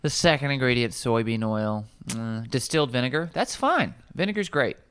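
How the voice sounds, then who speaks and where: Young guy nutrition coach, smooth clear voice, reads dressing labels out loud, kinda wry and animated. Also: mid-range voice, moderate pace, no echo. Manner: animated, wry, lists ingredients aloud. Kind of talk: casual kitchen chat, reading labels. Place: office kitchen.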